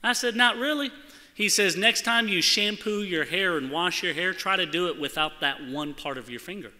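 Male preacher, high and very bright tone, animated storyteller, long church-hall reverb. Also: normal speed. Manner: animated storytelling, acts out quoted voices. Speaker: church speaker. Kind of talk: sermon with personal story. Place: church sanctuary.

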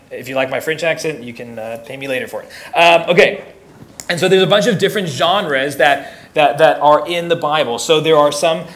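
A man's voice: medium pitch, fairly bright tone. Young guy youth pastor teaching teens, chatty and jokey, keeps restarting his sentences. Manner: conversational, joking, repeats words when restarting. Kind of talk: casual teaching talk to teens.

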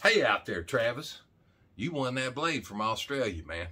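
This middle-aged channel host from Arkansas, USA, has a husky, mid-range voice that's sing-song and sharp in tone, at normal speed. Rambling casually on his vlog, he's folksy and jokey, talking straight to camera with plenty of "man."

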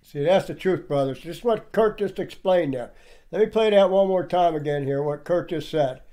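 A man's voice: on the high side, normal speed, dark tone. A man giving indignant, preachy commentary over clips and firing off rhetorical questions. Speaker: online commentator.

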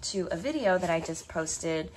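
A woman talking casually and reflectively while she makes a collage, soft-spoken with many ums and pauses, sitting on the floor indoors. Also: fairly low pitch, lively intonation, a little hiss or hum. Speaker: art vlogger.

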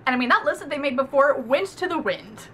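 A young woman gushes through a casual book review, emphatic and quick to swear. Her voice is high and bright. A faint hum sits under the recording. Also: animated.

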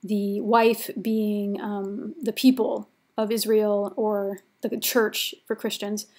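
A woman's voice: mid-range voice, flat delivery, takes it slowly, darkish tone. A woman giving a recorded literature lecture in a chatty, informal way, with many casual fillers.

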